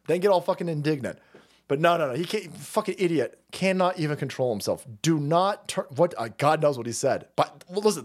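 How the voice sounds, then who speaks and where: A man running a profane, mocking political commentary stream. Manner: mocking, swearing, laughing, swings loud and low.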